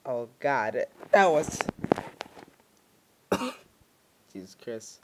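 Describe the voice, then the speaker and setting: A man's voice: mid-range voice, animated, very slow, long pauses, a little hiss or hum. Jumpy young man playing a horror game. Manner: jumpy, muttering, bursts into panicked yelps. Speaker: gaming YouTuber. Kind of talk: horror game let's play commentary.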